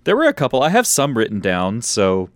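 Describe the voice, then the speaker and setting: A man's voice: mid-range voice, huge pitch swings, brisk, dry recording. A man co-hosting a casual movie podcast, retelling scenes and quoting lines from the film. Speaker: podcast co-host. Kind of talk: casual movie review chat.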